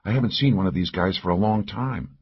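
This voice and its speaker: A man voicing a tough, calm woman FBI agent in an audiobook, speaking briskly and matter-of-factly. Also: low-pitched, highs cut off, a little hiss or hum.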